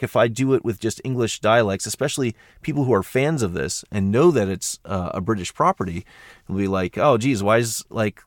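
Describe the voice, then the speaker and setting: A man's voice: fairly low pitch, no echo, clean studio sound. An American man talking in casual podcast chat as an audiobook narrator guest, rambling along with plenty of fillers and restarts.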